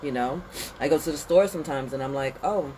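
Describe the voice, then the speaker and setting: A woman hosting a casual spiritual pep talk outdoors in the cold, animated and slangy, sniffly with a runny nose. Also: a bass voice, fast, slight background noise, rough recording. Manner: animated, slangy and conversational, with lots of "like" and "you know". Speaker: spiritual reader and channel host.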